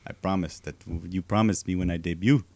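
A man's voice: sits low, fairly even intonation, a little fast, a little mellow, no echo, voice pushed down, natural voice. A man imitating a wrestler's inflection and accent in a playful impression. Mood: mocking. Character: wrestler father and son, male, mimicked with accent.

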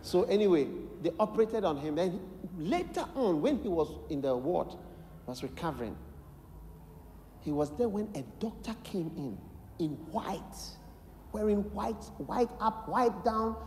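A man with a Ghanaian English accent preaching a sermon, telling a story with lively acted-out voices and bursts of shouted prayer. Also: on the high side, a little hiss or hum. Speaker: bishop preaching. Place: large church hall. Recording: echoey large hall, live sermon.

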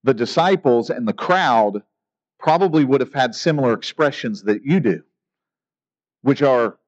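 A man's voice: medium pitch, animated, moderate pace, highs cut off. A man preaching a sermon in an earnest, emphatic way, asking rhetorical questions. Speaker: pastor.

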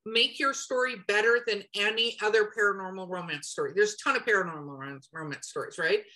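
A woman chatting casually on a podcast, animated and quick to act out little quotes. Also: poor audio. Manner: animated, acts out quotes with shifting pitch. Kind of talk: casual chat.

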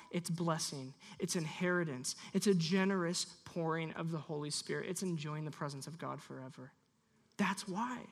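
Preacher leading a lively call-and-response sermon. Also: mid-range voice, husky. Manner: animated, leads congregation in call-and-response. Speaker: pastor. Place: church.

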